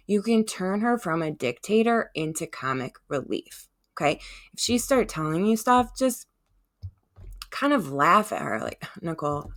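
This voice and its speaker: A woman hosting a self-help podcast, talking gently and encouragingly and often checking in with listeners. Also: fairly low pitch. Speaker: podcast host.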